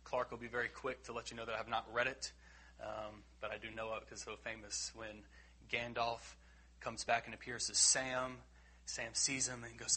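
Earnest, husky-voiced male preacher. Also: mid-range voice, fairly even intonation, normal speed. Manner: earnest, emphatic, swings between loud and quiet. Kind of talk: sermon.

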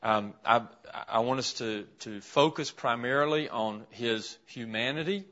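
Male Bible teacher, interactive classroom lesson, mid-range voice, muffled low-fidelity sound. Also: unhurried, fairly bright tone. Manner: asks the class questions while writing a list on a board. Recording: dull, lo-fi classroom recording.

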